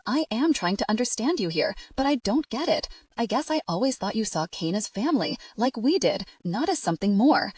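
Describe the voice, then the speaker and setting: Pushy, tearful mother, scolding high and loud, read by a woman narrator; dry, slightly distant mic. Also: sing-song, brisk, few pauses. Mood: pleading. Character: distraught, furious middle-aged mother.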